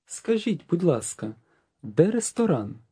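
A man with a fairly high, mellow voice gives model phrases for learners to repeat. His intonation rises and falls widely, and each phrase is articulated emphatically. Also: very animated, a little slow, husky. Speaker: native-speaker model in a language course. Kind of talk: model pronunciation for repetition.

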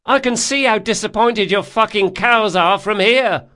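A man voicing a brash, foul-mouthed young girl who pilots a rowing boat and shouts insults in an audiobook. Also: high voice, unhurried, voice pushed up. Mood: jeering.

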